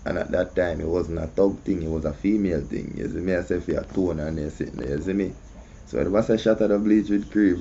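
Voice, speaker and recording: A man's voice: low-pitched, creaky, warm tone, slight background noise. A man with a Jamaican accent hosting casual commentary, often asking "you see me". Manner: conversational, repeats "you see me". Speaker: host. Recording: muffled lo-fi audio.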